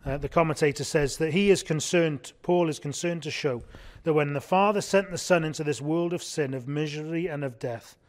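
A man's voice: on the high side, normal speed. A man preaching a sermon in an earnest way, often asking his congregation rhetorical questions.

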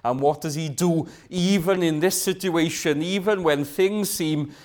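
A man's voice: fairly high pitch, a little slow, darkish tone. A man preaching a sermon. He asks rhetorical questions, repeats phrases for emphasis and sometimes drops to a whisper.

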